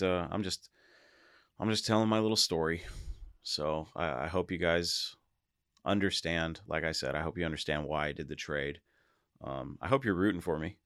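A man hosting his own podcast, talking casually and excitedly to his listeners and often laughing. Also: extremely low pitch, no echo, clean studio sound. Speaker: podcast host. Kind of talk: casual solo podcast monologue.

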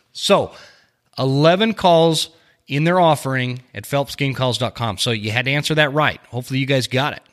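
A man hosting his own podcast in casual chat, rambling along with lots of fillers and quick self-corrections from a small home studio. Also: mid-range voice, a bit bright. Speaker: podcast host.

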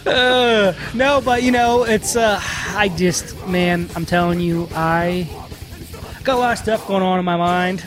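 A man's voice: high voice, measured pace. A married man co-hosting a horror podcast, swearing freely, rambling and laughing often in crude casual banter. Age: adult. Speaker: podcast co-host.

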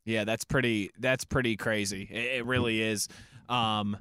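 A man's voice: lowish voice, steady tone, a little slow, sharp tone, clear, resonant tone, dry recording. A man co-hosting a sports radio show, bantering and teasing his partner in casual chat. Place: radio studio.

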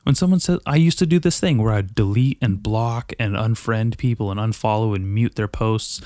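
Low-voiced man rambling casually at a desk mic. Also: moderate pace, mellow, no room sound, clean studio sound. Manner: profane, loose, self-mocking. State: a bit out of breath. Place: home desk in an apartment. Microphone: desk mic on a boom arm.

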